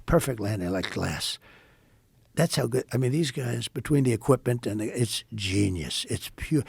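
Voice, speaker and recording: A man's voice: medium pitch, vocal fry, a little mellow, husky, no echo. A man in his seventies from the United States, a podcast guest telling a long story in a rambling, repetitive way full of superlatives. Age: 70s. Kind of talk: casual storytelling in a podcast interview.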